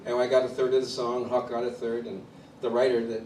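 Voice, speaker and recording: A man from Chicago, a drummer, tells his story at a clinic in an animated way and acts out the voices of the people he quotes. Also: medium pitch, brisk. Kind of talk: storytelling interview. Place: drum clinic in a studio room. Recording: distant mic in an echoey room with background noise.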